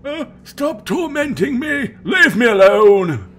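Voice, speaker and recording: A man doing a captive wizard pitched high and shrill, shouting in frantic bursts that swoop wildly. He wails through a sealed door in a tabletop game, with faint hiss behind. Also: very animated, slow, heavily acted. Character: tormented male wizard locked behind a door.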